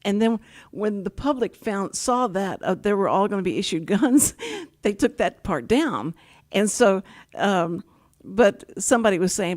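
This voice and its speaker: An older woman with a drawl hosts a relaxed talk show. She tells long, winding stories, stopping and restarting mid-sentence. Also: mid-range voice, measured pace. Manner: chatty, rambling storyteller with many restarts. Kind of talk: casual talk show interview.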